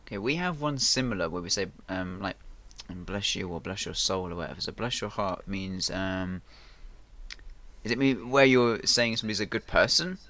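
Guy cohosting a podcast, bright sharp voice, laughs a lot, easygoing. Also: low voice, lively intonation, normal speed. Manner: laughs often, jokey. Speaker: podcast co-host. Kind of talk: casual chat.

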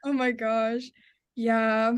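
Young woman, high voice, emotional, expressive, casual chat. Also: drawn-out words, clear, resonant tone.

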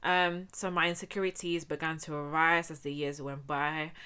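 A woman's voice: sits low, flat delivery, normal speed, bright, forceful tone, clean tone. A young woman from Spain telling her life story to viewers in a chatty, slangy, casual way. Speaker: vlogger.

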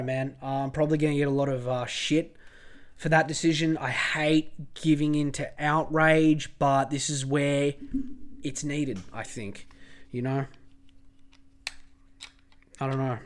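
A man hosting a podcast, ranting heatedly and swearing freely in a casual monologue. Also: mid-range voice. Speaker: podcast host.

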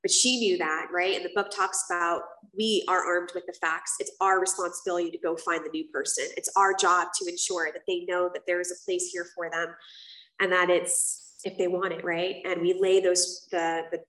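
A woman's voice: lowish voice, level tone, normal speed, fairly bright tone. A woman giving a casual, candid personal testimony as the speaker at a recovery meeting, full of fillers and the odd swear word. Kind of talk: personal testimony to a live group. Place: meeting room. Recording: roomy sound from a distance.

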